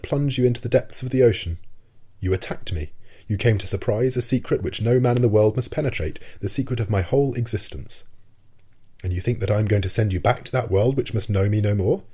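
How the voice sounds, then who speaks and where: A man reading the part of a stern, aloof male submarine captain in a measured, formal way. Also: on the low side, dark tone, slightly rough. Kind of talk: audiobook reading.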